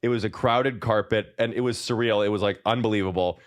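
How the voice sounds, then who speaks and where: A man talking as a podcast guest, animated, with many fillers. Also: lowish voice, brisk. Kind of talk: casual chat.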